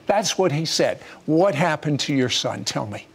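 A man's voice: a little high, lively intonation, moderate pace, creaky, breathy edge. A man hosting a talk show, interviewing a guest and recapping the story for viewers.

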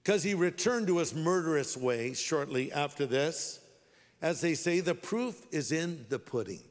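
A man's voice: fairly high pitch, lively intonation, unhurried, big-room sound. A man preaching a sermon as a pastor, talking in a wry, direct, conversational way.

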